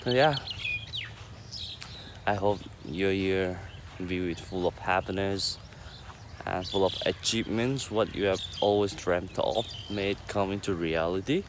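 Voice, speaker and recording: A young man talks to his camera as he walks across an open outdoor ground. His voice sits very low and he speaks slowly and earnestly in short bursts. The outdoor recording carries clear noise and birdsong behind him. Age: young adult. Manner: slow, halting, earnest, with short phrases. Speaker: vlogger. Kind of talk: casual vlog chat. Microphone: handheld camera while walking. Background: outdoor ambience with birds.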